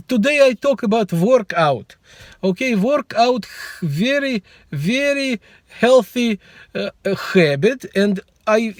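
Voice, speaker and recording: A middle-aged man, rambling in a meandering, deadpan way while talking to the camera from inside a car. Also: sits high, no room sound. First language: Russian. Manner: meandering, self-interrupting, deadpan humor. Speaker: vlogger. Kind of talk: rambling casual monologue to camera.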